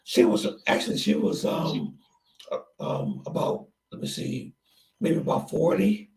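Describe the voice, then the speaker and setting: Gravelly man chatting from a distance. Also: a little high, huge pitch swings, measured pace, a little mellow. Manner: rambling, hesitant storytelling. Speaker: channel host. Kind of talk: casual podcast chat.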